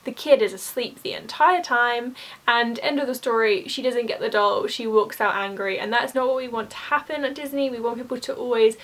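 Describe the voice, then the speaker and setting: A woman's voice: on the high side, fairly quick, a bit bright. A young woman telling work stories in a chatty, exasperated way, full of "like". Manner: chatty, exasperated, uses "like" often. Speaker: vlogger, former theme park cast member. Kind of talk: casual storytime.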